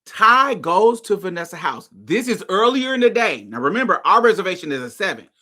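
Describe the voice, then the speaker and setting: A woman podcast host telling a story in a casual, animated, profane way. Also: medium pitch, a little fast. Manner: animated, profane, dramatic retelling.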